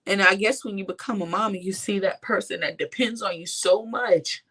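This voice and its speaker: Impassioned woman with a gravelly voice. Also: mid-range voice, steady tone, normal speed, sharp tone. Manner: impassioned, addresses viewers directly. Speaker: vlogger. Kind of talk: personal testimony to viewers.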